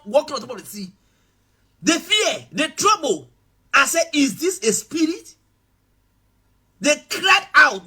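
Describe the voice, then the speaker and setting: High-voiced pastor preaching emphatically. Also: male voice. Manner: emphatic preaching, shifting between shouts and soft asides. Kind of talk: sermon.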